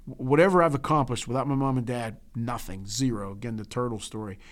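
A man co-hosting a casual chat podcast, telling a heartfelt family story with halting restarts and an emotional edge. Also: mid-range voice, fairly even intonation. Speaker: podcast co-host.

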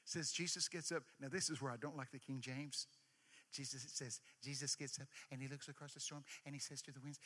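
A man preaching a sermon, emphatic, swinging from hushed asides to shouted lines and calling for responses. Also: fairly high pitch, a little fast, in a large hall. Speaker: pastor.

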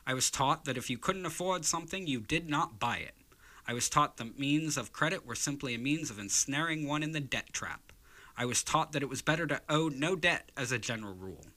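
A man's voice: mid-range voice, lively intonation, brisk, bright, forceful tone, pitched above the performer's own voice. A man putting on the voice of an old-time union organizer giving a soapbox speech. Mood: rousing. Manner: rousing, oratorical.

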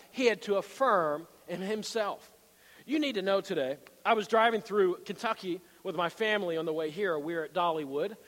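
High-voiced preacher man in a reverberant hall. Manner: energetic, animated storytelling preacher. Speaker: pastor. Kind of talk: sermon.

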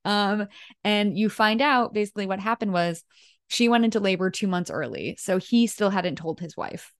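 A woman's voice: medium pitch, normal speed. A woman co-hosting a podcast in casual chat, talking with frequent laughs and fillers. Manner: chatty, laughs often, many fillers. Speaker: podcast co-host.

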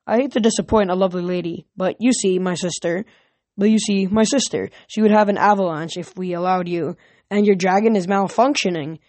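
Woman voicing a smarmy scrawny demigod guy, fake French accent, flirty, lowish voice, dry sound. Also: a little fast, darkish tone, no room sound, close to an everyday voice.

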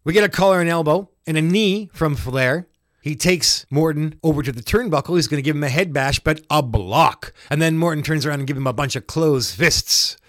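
Man, slightly high voice, dry close sound, lively jokey play-by-play recap. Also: fairly quick, dry recording. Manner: animated, jokey, acts out the wrestlers' yells. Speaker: podcast co-host recapping a wrestling match. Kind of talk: casual play-by-play chat.

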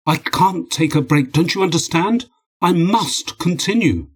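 A man's voice: medium pitch, sing-song, normal speed, breathy edge, voice pushed up. A man reading a desperate, obsessed male scientist in a storybook, pleading and insistent, with a raised voice.

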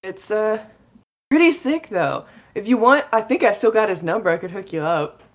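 A woman's voice: mid-range voice, lively intonation, moderate pace. A young woman playing a tabletop game, talking casually with lots of fillers. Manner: rambling, lots of likes and ums. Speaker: player. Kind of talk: casual tabletop role-play.

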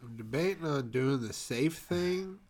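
A man's voice: medium pitch, lively intonation, a little slow, a little mellow. A man playing a tabletop game, brash and joking, swearing freely. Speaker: player.

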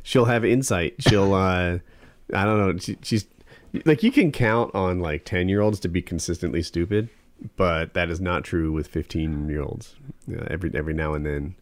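Man, middle-aged, podcast co-host, casual banter, low voice, dead dry sound. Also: normal speed, no echo. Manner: joking, laughs often, loose storytelling.

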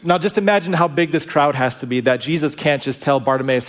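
A man's voice: a little high, fast talker, fairly bright tone. Man preaching a conversational sermon. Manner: storytelling with acted-out quotes, conversational asides. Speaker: pastor.

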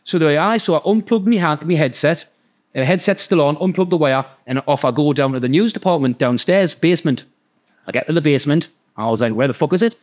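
A man with a Geordie accent telling a story in casual chat, animated and swearing freely as he acts out the voices of others. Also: on the high side, a little fast. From North East England. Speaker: podcast guest storyteller.

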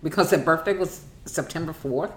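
A woman's voice: sits low, brisk. A middle-aged woman from Chicago, a mother hosting a podcast, telling casual family stories and acting out the voices she quotes. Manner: animated, acts out quoted voices. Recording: echoey room.

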